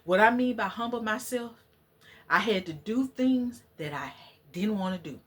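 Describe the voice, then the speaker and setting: A woman's voice: medium pitch, moderate pace, slightly rough. A woman vlogger in casual, preachy chat with her viewers. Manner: chatty, preachy, talks to viewers as y'all. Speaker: channel host.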